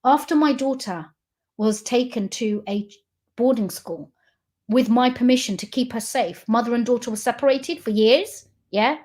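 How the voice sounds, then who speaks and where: A woman's voice: a little high, moderate pace, darkish tone. A woman giving an emotional, accusatory livestream address to her family. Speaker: company founder addressing family online.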